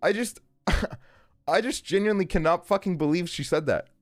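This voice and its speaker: A man's voice: high-pitched, moderate pace, no echo, faint music behind. A man in his twenties chatting casually on a stream, ranting with plenty of swearing and frequent laughter. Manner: profane, ranting, laughs often.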